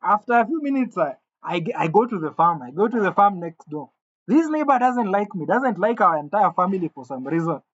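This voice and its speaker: A man telling a comic gossip story in an animated way, stammering over restarts and jumping suddenly into quoted voices. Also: high-pitched, brisk. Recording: dull lo-fi sound.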